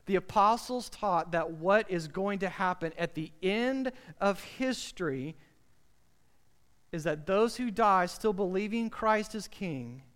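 Emphatic preacher with a high, clear voice. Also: male voice, a bit bright. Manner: emphatic, addresses listeners with rhetorical questions. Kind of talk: sermon.

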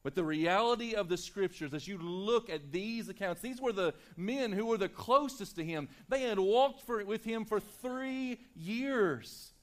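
A male pastor preaching a sermon to his church, swinging between loud, emphatic lines and hushed, quiet ones. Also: high-pitched, expressive, measured pace, hardly any pauses. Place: church sanctuary.

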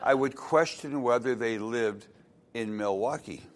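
Slow folksy storytelling pastor, a man. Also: mid-range voice. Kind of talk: sermon with a told joke.

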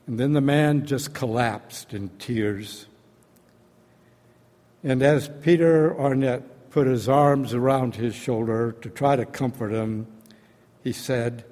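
A man preaching a sermon, retelling a story in a slow, deliberate, dramatic way. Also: medium pitch, animated, mellow. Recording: long hall reverb.

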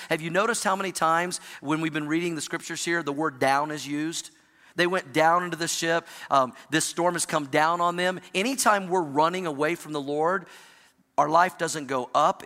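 A man preaching a sermon as pastor of his church, rising and then dropping low and quiet for emphasis. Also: moderate pace, long reverb tail. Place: church sanctuary.

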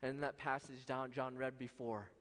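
A man preaching a sermon with passion, swinging from loud, soaring lines to hushed, quiet ones. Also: flat delivery, normal speed. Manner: impassioned, swings from loud highs to hushed lows. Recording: long hall reverb.

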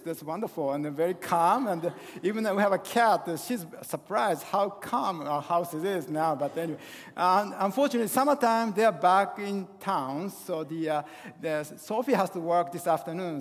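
Fifties guy giving a sermon, lots of uh's and restarts, high voice, long church echo. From Japan. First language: Japanese. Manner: halting, full of hesitations and restarts. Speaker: guest pastor. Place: church sanctuary. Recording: long hall reverb in a church.

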